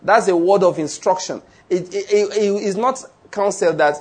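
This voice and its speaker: A man preaches in a husky, rather high voice. He delivers his sermon in an animated way, joking and acting out scenes as he goes. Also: moderate pace. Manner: animated preaching with humor and acted-out anecdotes. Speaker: pastor.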